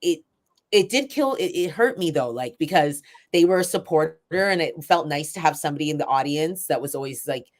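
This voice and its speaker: A woman who writes spoken word poetry and runs poetry events, talking candidly and a little rambling in an interview, with fillers and soft laughs. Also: deep voice, animated, fairly quick. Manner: self-described shy. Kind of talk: reflective interview conversation.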